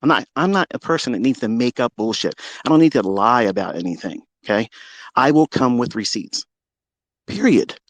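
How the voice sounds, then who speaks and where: A man hosting a live audio stream, delivering a heated, profane and boastful rant that swings between loud outbursts and low muttering. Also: lively intonation, normal speed, no echo. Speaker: trading educator and Twitter Space host.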